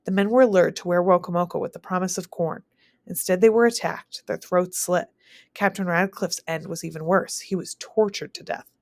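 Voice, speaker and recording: A woman teacher reading a novel aloud in the first person, steady and plain, with small slips now and then. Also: on the low side, normal speed, dry recording.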